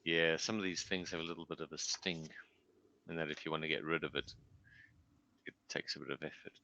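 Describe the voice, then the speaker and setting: Very deep, gravelly male player. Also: fairly even intonation, sharp tone, muffled recording. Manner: talks through rules deliberately, thinking aloud. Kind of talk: playing a tabletop game.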